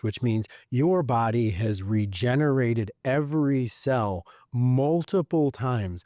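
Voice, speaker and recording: A man retelling a slow, commanding motivational speaker. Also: mid-range voice, dark tone, dry recording, studio quality, lightly acted. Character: commanding male motivational speaker addressing a crowd.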